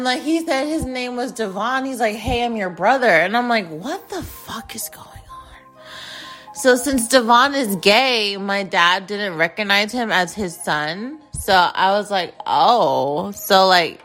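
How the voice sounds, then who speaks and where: A woman's voice: mid-range voice, pushed and bright. A young woman hosting a podcast, telling a personal story in a candid, profane and emotional way, full of filler words. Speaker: podcast host.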